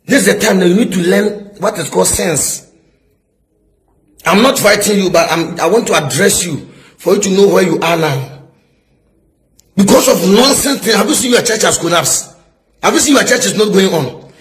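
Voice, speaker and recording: High-voiced emphatic preaching man. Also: moderate pace, pauses often, rough recording. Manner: emphatic, repetitive, asks "is somebody getting my point?". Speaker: prophet. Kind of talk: preaching-style public rebuke.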